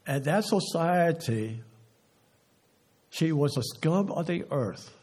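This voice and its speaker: A man preaching a sermon, slow and emphatic, often dropping to a hush on key words and asking the listeners questions. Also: fairly high pitch, animated, slightly rough. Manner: asks the audience rhetorical questions.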